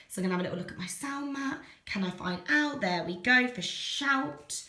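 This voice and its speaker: A woman teacher demonstrating phonics and sentence writing, slowly sounding out letters and words. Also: medium pitch, lively intonation, bright, forceful tone, echoey room. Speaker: primary school teacher.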